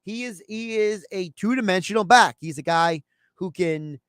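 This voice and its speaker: A man's voice: sits high, normal speed, fairly bright tone, smooth, no echo, studio quality. A man hosting a sports talk show, giving his take in a loose, conversational way and acting out imagined phone calls.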